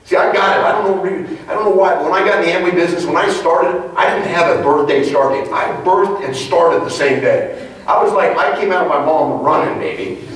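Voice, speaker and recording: A man's voice: a little high, a little fast. A man giving a motivational leadership talk to a live audience, telling stories and firing off rhetorical questions. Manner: animated storyteller, punchy rhetorical questions. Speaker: leadership trainer. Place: large conference hall. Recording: echoey hall, mic far off.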